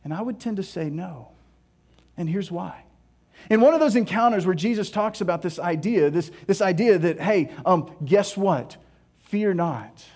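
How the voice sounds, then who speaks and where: High-voiced animated preacher man. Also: normal speed. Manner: animated, playful storytelling with mock dialogue. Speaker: pastor. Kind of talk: sermon.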